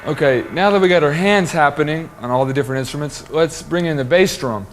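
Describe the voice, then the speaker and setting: A man teaching a drum lesson, explaining soloing and accent patterns in a relaxed, explanatory way with frequent fillers. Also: a little high, a little fast, background noise. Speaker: drum instructor.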